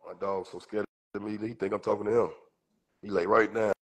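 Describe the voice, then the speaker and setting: A man's voice: fairly low pitch, little pitch movement, fast talker, husky. A man hosting a casual livestream, with a cold, talking in a profane, boastful, rambling way full of street slang. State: has a cold. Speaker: livestream host.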